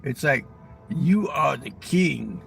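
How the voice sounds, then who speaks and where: A man's voice: medium pitch, lively intonation, takes it slowly, gravelly, a bit bright, faint music behind. A man telling crude stories in a rambling, profane casual monologue, outdoors near a railroad crossing. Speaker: vlogger.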